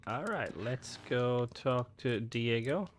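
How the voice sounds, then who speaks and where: A man's voice: mid-range voice, animated, slow pace, slight background noise. A man streaming a video game, chatting casually with lots of fillers and restarts. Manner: rambling, filler-heavy, upbeat. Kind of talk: casual gameplay commentary.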